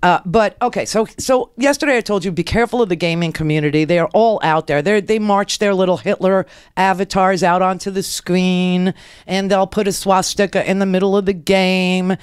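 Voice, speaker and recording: A woman hosting a political talk radio show, delivering a rambling, animated monologue into a close studio mic and acting out the people she quotes. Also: medium pitch, moderate pace, clean tone, dry recording.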